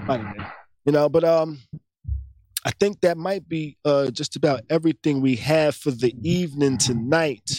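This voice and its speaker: A man with a slightly high voice hosts a casual podcast. He rambles through stories in a loose, profane way. The sound is dry and close, with little room around it. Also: no room sound. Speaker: podcast host. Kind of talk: casual chat.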